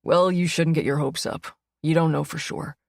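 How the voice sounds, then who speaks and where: A woman voicing a brusque young man, a cranky boyfriend, in an audiobook with a low, quiet, clipped delivery. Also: steady tone, normal speed, creaky, dry recording, studio quality. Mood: dismissive. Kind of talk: audiobook character voice.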